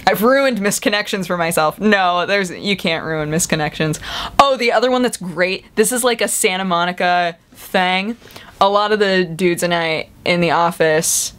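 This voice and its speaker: Young woman vlogger, casual and chatty, with animated pitch jumps for quoted voices. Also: normal speed. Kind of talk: casual chat to camera.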